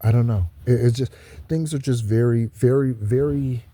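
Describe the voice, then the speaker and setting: A man's voice: mid-range voice, dark tone, dry recording. A man talking alone to his viewers in a preachy spiritual monologue, repeating and stressing his points. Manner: preachy, repeats himself, slow stressed asides. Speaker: spiritual channel host. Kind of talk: solo spiritual talk to viewers.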